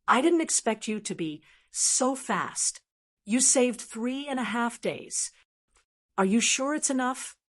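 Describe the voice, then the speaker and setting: A woman voicing an older male cultivator, a senior brother who speaks gently and supportively. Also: fairly high pitch, expressive, slow pace, pitched above the performer's own voice. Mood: surprised.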